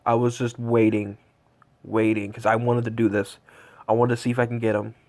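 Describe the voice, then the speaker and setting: Young man, twenties, shivering from cold, awed rambling vlog talk, lots of ums, mid pitch. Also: flat delivery, normal speed, darkish tone. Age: 20s. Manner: rambling, awed, with many fillers. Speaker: vlogger tracking Santa. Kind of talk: casual excited vlog talk.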